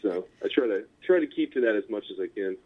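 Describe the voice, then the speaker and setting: A Californian man with a fairly low voice rambles through a laid-back interview, full of "like" and "you know" and quick chuckles. His voice comes through thin and tinny, like a phone call. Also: lively intonation. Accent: Californian American. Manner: rambling, chuckling, filler-heavy. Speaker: punk musician guest. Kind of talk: casual interview chat. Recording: tinny phone-line audio.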